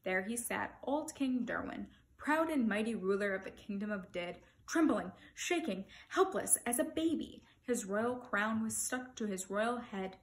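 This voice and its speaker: A woman reading a picture book aloud to children, expressive, with playful asides to her listeners. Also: mid-range voice, a little slow, few pauses.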